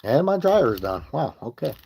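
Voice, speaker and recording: A man's voice: medium pitch, very animated, normal speed, creaky, a little mellow, slightly rough. Rambling, swearing man live-streaming. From Michigan. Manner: rambling, swearing, loses his train of thought. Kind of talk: casual live-stream chat. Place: home basement. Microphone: phone.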